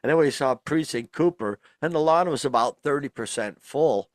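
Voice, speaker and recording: A man's voice: mid-range voice, moderate pace, no room sound, clean studio sound. A middle-aged man, co-hosting a casual podcast and rambling through lots of fillers and restarts. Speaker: podcast co-host. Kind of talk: casual chat.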